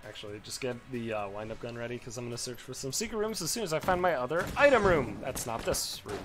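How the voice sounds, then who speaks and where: A man giving casual, profane let's play commentary as a gaming host, swinging into loud frustrated rants. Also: mid-range voice, animated, fast. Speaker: gaming YouTuber. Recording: game music behind the voice. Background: game music.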